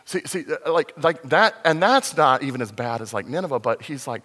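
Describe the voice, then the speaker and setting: A man preaching a conversational sermon as a pastor, animated and sometimes acting out the voices in the story. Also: mid-range voice, fairly quick, hardly any pauses, long reverb tail. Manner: conversational, animated, acts out voices in his retelling.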